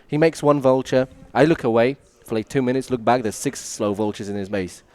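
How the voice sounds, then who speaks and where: A man's voice: mid-range voice, a little fast. A man co-casting an esports stream, telling a story animatedly and laughing at it. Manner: animated, laughs at his own stories. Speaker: co-caster and coach. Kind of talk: casual storytelling.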